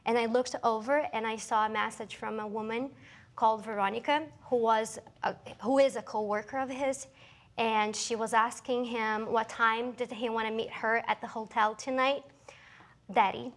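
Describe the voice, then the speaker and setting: Woman defendant in a tv courtroom, higher voice, defensive, keeps jumping in to deny stuff. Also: fairly even intonation. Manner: defensive, quick to deny and interject. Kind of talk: courtroom testimony. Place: courtroom set.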